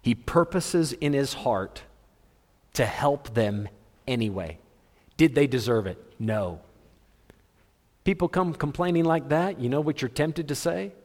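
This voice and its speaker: Animated preacher in a big hall. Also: male voice, medium pitch, unhurried, pauses often. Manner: animated, humorous, theatrical. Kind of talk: sermon. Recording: long hall reverb.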